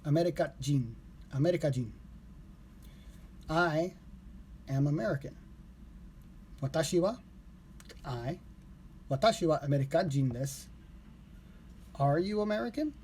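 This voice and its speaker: A man streaming live, casually going over vocabulary he just learned, relaxed and rambling, correcting himself aloud. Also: a little high, unhurried, long pauses, slight background noise.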